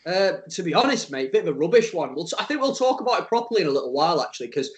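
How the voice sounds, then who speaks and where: An Englishman co-hosts a relaxed podcast chat over a Skype call, with a voice that sits a little high for a man. He ribs his co-host, cracks jokes and laughs easily. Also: racing. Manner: joking, teasing, laughs often. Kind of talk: casual chat.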